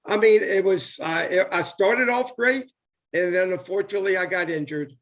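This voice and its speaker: A rambling older man with a drawl chats on a live video call from home. His voice sits high for a man and keeps circling back over the same points. He is full of eager, repetitive enthusiasm, with plenty of "uh" and "you know" along the way. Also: moderate pace, fairly bright tone. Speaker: host, former baseball player. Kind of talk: casual live chat.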